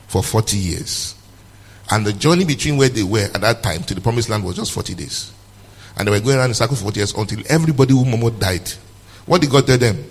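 A man's voice: mid-range voice, long reverb tail. A male pastor preaching a sermon, reading scripture aloud and firing rhetorical questions at his congregation.

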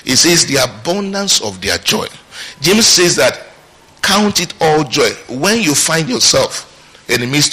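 A man's voice: mid-range voice, pushed and bright, low-quality recording. A male pastor preaching a sermon, reading scripture aloud and asking his congregation questions as he teaches.

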